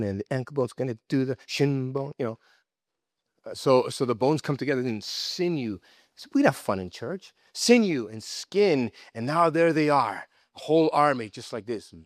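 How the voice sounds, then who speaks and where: A man preaching with a loose, conversational energy, pitch jumping up as he acts out quoted voices. His voice sits at a middling pitch. The sound is dry and close, with little room around it. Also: no echo. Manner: loose, conversational asides and restarts. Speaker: pastor. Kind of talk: sermon.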